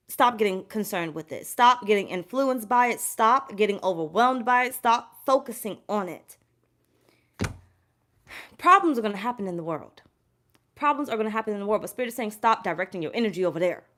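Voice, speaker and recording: A woman's voice: on the high side, a bit bright. A woman doing a casual live tarot reading, talking in a loose, rambling way with heavy cursing and lots of repetition, stopping to greet her chat. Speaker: tarot reader.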